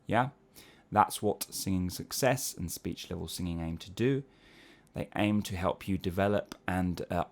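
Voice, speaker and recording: A man with a lowish voice and darkish tone gives a spoken singing lesson, patiently explaining vocal technique and often checking in with "yeah?". He breaks into short sung syllable exercises as demonstrations.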